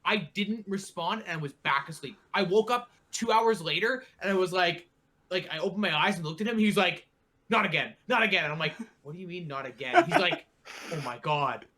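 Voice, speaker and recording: A man's voice: high-pitched, expressive, brisk, bright, forceful tone. A young man, a podcast co-host, telling a story in casual chat, acting out quotes and swearing freely.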